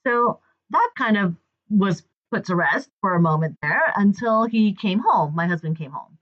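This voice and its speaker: A woman's voice: medium pitch, expressive, moderate pace. Chatty woman telling a story, lo-fi. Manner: chatty, fillers, acts out dialogue. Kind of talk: personal story told to camera. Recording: dull lo-fi recording.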